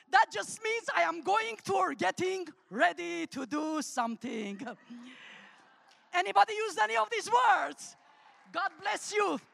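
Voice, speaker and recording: High bright woman preaching. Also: vocal fry. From Armenia. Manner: humorous, animated, calls out to the congregation. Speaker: guest speaker. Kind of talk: sermon with testimony. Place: church. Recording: long church hall reverb.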